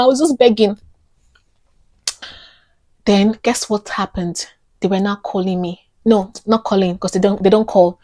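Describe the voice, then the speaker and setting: A woman's voice: medium pitch, fairly even intonation, measured pace, pauses often, warm tone, dry recording. Earnest woman telling her story. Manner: earnest, repeats phrases for emphasis. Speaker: vlog host telling a personal story. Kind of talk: emotional personal storytelling.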